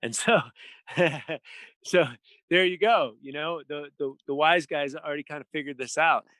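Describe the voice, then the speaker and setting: A man with a somewhat high, very bright, forceful voice speaks as a podcast guest. He is emphatic and rattles off lists and numbers, and the sound is dry and close. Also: normal speed, no room sound. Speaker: podcast guest, health author. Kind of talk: casual conversation.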